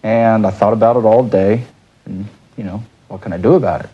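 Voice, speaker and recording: Man, husky, rambling with many fillers, recalling events. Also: fairly low pitch, fairly even intonation, lo-fi sound. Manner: halting, lots of "you know". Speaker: interviewee. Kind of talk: casual interview recollection.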